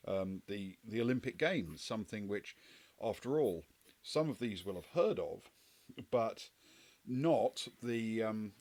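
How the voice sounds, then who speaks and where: A man's voice: fairly low pitch, a little mellow. A man serving as game master, narrating a tabletop role-play scene in a meandering way with many hesitations and fillers.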